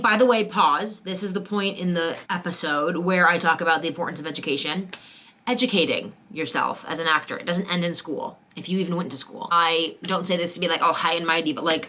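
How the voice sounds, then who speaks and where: Bubbly fast-talking young woman vlogger. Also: fairly low pitch, sharp tone, a little hiss or hum. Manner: bubbly, chatty, enthusiastic. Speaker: actor and vlogger. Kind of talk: casual chat to camera.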